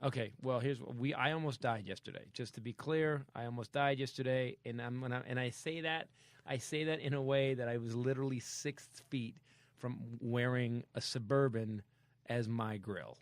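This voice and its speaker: A man hosting a comedy podcast, telling a story in a casual, animated way and acting out sound effects. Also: medium pitch, moderate pace, dry recording. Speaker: podcast host.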